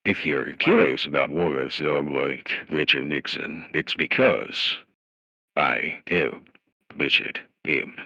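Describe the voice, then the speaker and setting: A man doing a slow, pompous impression of an older male politician, with a gravelly, husky voice. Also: rumbling low, bright, forceful tone, no echo, dull audio, pitched below the performer's own voice, exaggerated voice.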